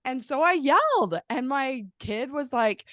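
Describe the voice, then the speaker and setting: A woman who is a mother, hosting a podcast in casual chat, talking fast with lots of "like" and animated storytelling. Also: high voice, no echo. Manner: chatty, says "like" often, animated storytelling. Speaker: podcast host; mother of young children.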